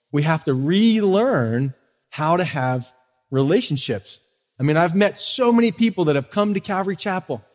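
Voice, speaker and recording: In a church sanctuary with long reverb, a man preaches as pastor, talking conversationally and often putting rhetorical questions to the congregation. His voice is on the high side with a darkish tone.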